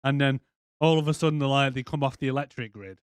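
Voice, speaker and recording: A man's voice: medium pitch, fast talker, clear, resonant tone, dry recording. A man co-hosting a podcast, ranting in casual, profane chat and slipping into mock voices. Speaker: podcast co-host.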